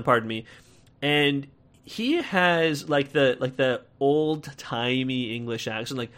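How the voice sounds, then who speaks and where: A man's voice: mid-range voice, a bit bright. A man with an American accent giving a casual, rambling film review, full of fillers and restarts, with wry laughs.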